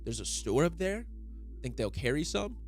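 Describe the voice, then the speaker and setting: A man's voice: a little high, very animated, moderate pace, faint music behind, pitched above the performer's own voice. A man voicing an earnest, starstruck young male fan, reading manga dialogue aloud.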